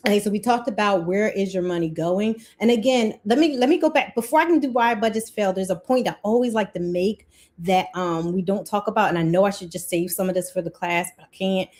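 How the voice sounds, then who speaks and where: A chatty woman hosts a budgeting livestream. Her voice sits at an ordinary middle pitch, and she laughs often, breaking off her own sentences. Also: brisk, a little mellow. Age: 40s. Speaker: livestream host. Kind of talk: casual live-stream teaching.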